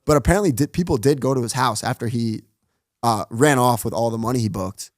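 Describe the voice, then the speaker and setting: A man's voice: medium pitch, dry recording. Chatty man telling stories in a dry studio. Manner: fast retelling, acts out quoted dialogue, heavy use of "like". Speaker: podcast guest, runs his own online show. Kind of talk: casual storytelling interview.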